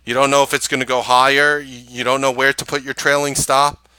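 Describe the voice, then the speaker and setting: A man hosting a live trading stream, ranting casually to viewers in an animated, exasperated way and scoffing with short laughs. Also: medium pitch, measured pace, long pauses, clean tone, no room sound.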